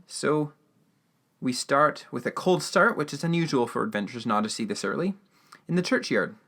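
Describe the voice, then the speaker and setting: A man's voice: mid-range voice, animated, normal speed, creaky, fairly bright tone. A man hosting a podcast, giving a casual, rambling recap of a radio drama episode with lots of fillers and restarts. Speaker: podcast host.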